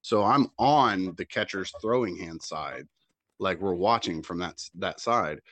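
Animated man telling a coaching story, dry. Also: sits low, unhurried, dry recording. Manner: animated storyteller who acts out shouted quotes. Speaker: podcast co-host and youth baseball coach. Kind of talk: casual chat, storytelling.

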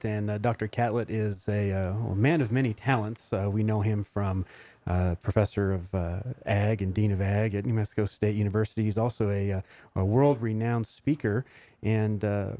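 Fast-talking male podcast host. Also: on the low side, dark tone, no room sound. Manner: chatty, filler-heavy, laughs easily. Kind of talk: casual podcast chat.

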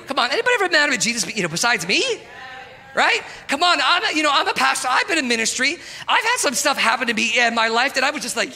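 A man preaching a sermon as pastor, animated and calling out to the congregation. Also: very high voice, quick pace. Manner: animated, talks to the congregation, calls out "come on". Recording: long hall reverb.

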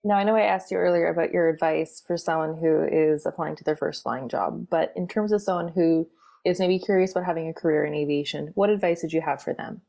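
A woman interviewing a guest, speaking in a measured way as she asks her questions. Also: sits low, gravelly, dark tone.

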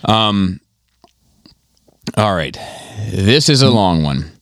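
Low-voiced dude reading listener mail on his podcast, chill, swears a lot, super dry close mic. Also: very animated, extremely slow, a bit bright, dry recording. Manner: laid-back, swears freely, laughs often. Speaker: podcast host. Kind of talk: casual podcast chat, reading listener emails aloud.

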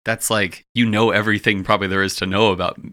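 A man co-hosting a podcast, chatting in an easygoing way and often chiming in with quick agreement. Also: on the low side, flat delivery, bright, forceful tone, no echo, clean studio sound. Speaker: podcast co-host. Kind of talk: casual chat.

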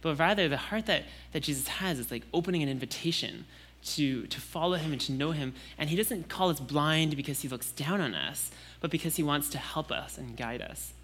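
A young man preaching a Sunday sermon in a relaxed, conversational way, with casual fillers and restarts. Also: a little high, a little fast, a little hiss or hum.

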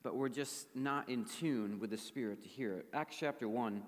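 Hoarse pastor preaching in a reverberant hall. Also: male voice, mid-range voice, normal speed. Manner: conversational, asks the audience questions. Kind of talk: sermon. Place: church gathering hall. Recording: long reverb of a large hall.

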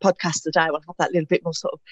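Low-voiced woman co-hosting. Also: flat delivery, rapid-fire, dry recording. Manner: thoughtful, rambling with fillers. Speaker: podcast co-host. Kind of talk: casual podcast conversation. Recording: dry, dull lo-fi audio.

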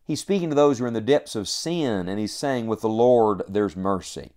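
A man's voice: mid-range voice, mellow. A man preaching a sermon, quoting scripture and repeating phrases with earnest emphasis. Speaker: pastor.

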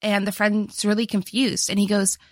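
A woman's voice: medium pitch, flat delivery, normal speed, dry recording, clean studio sound. A woman co-hosting a podcast, retelling a story in casual chat and adding frequent small agreeing replies. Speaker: podcast co-host.

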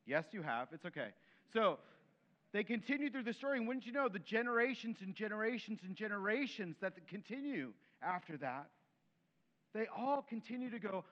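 A man preaching a sermon in an animated way, acting out quoted voices and dropping to soft, gentle tones. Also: high voice, normal speed, muffled recording. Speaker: pastor.

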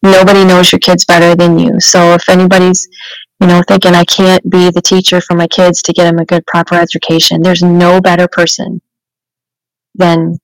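A woman's voice: lowish voice, completely flat delivery, normal speed, no echo, poor audio. A woman co-hosting a casual podcast chat, telling everyday stories with frequent restarts and "you know".

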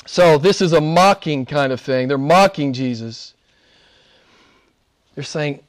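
Male pastor, higher-pitched, conversational and emphatic preaching. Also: slow pace, long pauses. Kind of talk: sermon.

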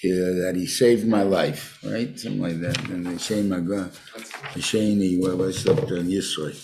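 An older rabbi gives an informal Bible class, speaking haltingly with many restarts and Hebrew phrases. His voice sits low and carries a gravelly fry. He talks to a small group as they go through the text. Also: fairly even intonation, a little mellow, slight background noise. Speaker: rabbi teaching a weekly class.

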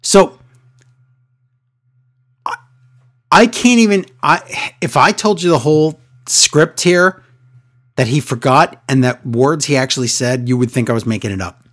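Here a man co-hosts a laid-back wrestling recap, his voice medium in pitch, a little slow, and somewhat bright, with long pauses throughout. His tone is sarcastic and fed up, and he frequently mimics wrestlers in a louder, higher voice.

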